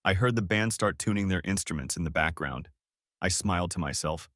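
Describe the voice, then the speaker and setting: Deep-voiced man narrating a story. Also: moderate pace, fairly bright tone, no room sound, studio quality. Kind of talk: first-person audiobook narration.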